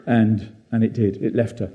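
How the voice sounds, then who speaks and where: A man preaching a gentle, reflective sermon at a church service, with frequent fillers and pauses. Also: on the low side.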